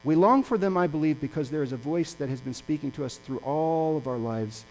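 A male pastor preaching a sermon, impassioned and swinging between loud and hushed. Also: a little high, a little fast, faint music behind, poor audio.

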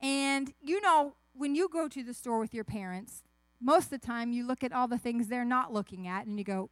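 A woman giving a children's sermon, telling a story with lively asides and questions to the kids. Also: fairly high pitch, normal speed, few pauses, no echo. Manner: animated, asks the kids questions, acts out voices. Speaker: children's message speaker.

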